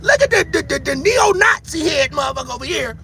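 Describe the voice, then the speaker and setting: Loud, excitable high-voiced man streaming. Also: fast. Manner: loud, profane, laughing, excitable. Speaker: livestream host. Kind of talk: livestream reaction commentary.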